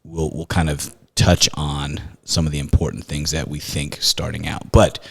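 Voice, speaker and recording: A man's voice: rumbling low, flat delivery, normal speed, gravelly, breathy edge, in a large hall. A man co-hosting a podcast, chatting casually and telling a story with quoted dialogue, laughing often. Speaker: podcast co-host. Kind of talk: casual chat.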